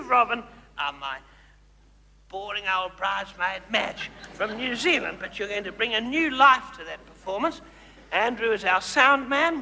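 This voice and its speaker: A man's voice: very high voice, bright, forceful tone, heavily acted. A man playing a gushing housewife diva. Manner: theatrical, condescending, gushing endearments. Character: flamboyant gushing suburban housewife turned megastar, woman. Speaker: host directing audience volunteers. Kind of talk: comedy stage show. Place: large hall. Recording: reverberant hall with audience.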